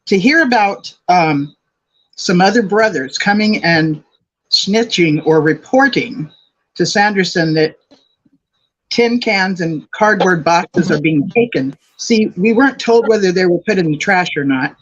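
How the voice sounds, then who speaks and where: Husky older woman, lo-fi. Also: fairly low pitch, animated, measured pace. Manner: thoughtful, reasoning aloud. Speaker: co-host. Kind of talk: casual commentary chat.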